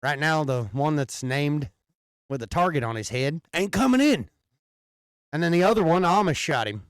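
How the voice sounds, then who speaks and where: A man's voice: on the high side, lively intonation, normal speed, clear, resonant tone, no room sound, studio quality. A man co-hosting a podcast, chatting casually and laughing easily about hunting gifts. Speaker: podcast co-host. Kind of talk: casual chat.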